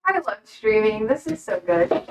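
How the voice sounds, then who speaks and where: A woman's voice: on the high side, animated, normal speed, darkish tone, distant mic, a little hiss or hum, low-quality recording. A young woman streaming live, chatting casually with her chat, laughing often and cooing at her dog. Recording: voice from away from the mic.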